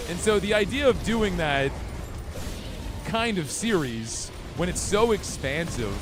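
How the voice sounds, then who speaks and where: In this live-streamed gameplay commentary, a fairly high-pitched man chats with his viewers, reacts to the game, and reads the chat aloud. He laughs often and has hiccups.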